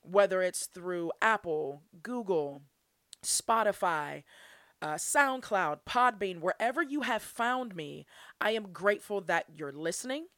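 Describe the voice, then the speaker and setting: A woman's voice: mid-range voice, expressive, a little slow, a bit bright, no room sound, clean studio sound. A young woman hosting her own podcast, talking earnestly and from the heart, laughing often as she goes. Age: young adult. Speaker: podcast host. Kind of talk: solo podcast monologue.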